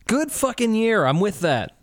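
Animated higher-voiced man. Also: a little slow, no room sound, studio quality. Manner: animated, laughing, profane. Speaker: podcast co-host. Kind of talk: casual comedic chat.

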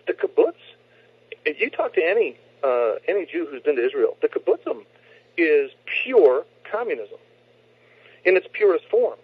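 On a phone line to a talk show, an American male guest explains his views with earnest, lecturing conviction, restarting sentences often in this opinionated interview. His voice runs on the high side with a sing-song lilt, slight roughness, normal speed, and no room sound.

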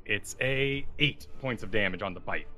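A man playing a tabletop game, calling out his attacks in a deliberate way. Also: fairly low pitch, sharp tone, faint music behind. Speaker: player. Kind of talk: casual tabletop play.

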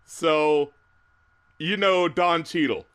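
A man's voice: fairly high pitch, extremely slow, a bit bright, clear, resonant tone. A man hosting a podcast in casual chat, often laughing and acting out quotes. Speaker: podcast host.

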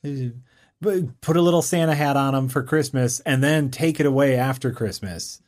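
A man co-hosting a loose, casual conversation. He rambles enthusiastically, stacking fillers and restarts as he pitches ideas. He is quick to laugh. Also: a little mellow. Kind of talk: casual chat.

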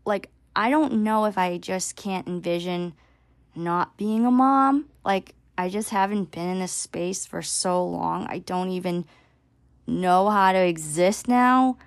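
Woman, 30s, vlogger. Casual storytelling, gravelly fry, dry close sound. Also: fairly low pitch, slow, no room sound. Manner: chatty, many "like" fillers.

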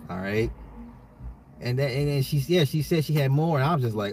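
A man hosts his own commentary podcast, speaking at an ordinary middle pitch. He talks straight to his listeners, pressing his points and often repeating himself to drive them home. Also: moderate pace, a little mellow, slight background noise. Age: adult, a father. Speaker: podcast host. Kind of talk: solo social commentary podcast.

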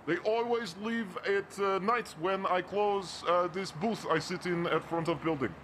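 A man's voice: high voice, unhurried, fairly bright tone, a little hiss or hum. A man voicing a friendly building supervisor who speaks broken English and drops his articles. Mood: chatty.

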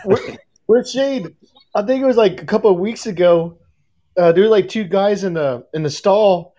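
A man's voice: high-pitched, moderate pace, mellow. A man chatting casually, telling funny stories and laughing along. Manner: laughing, storytelling. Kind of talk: casual chat. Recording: dull lo-fi audio.

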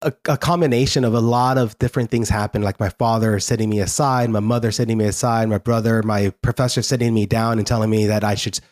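A man telling his life story as a guest in an interview, earnest and halting, often restarting his sentences. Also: on the low side, steady tone, darkish tone.

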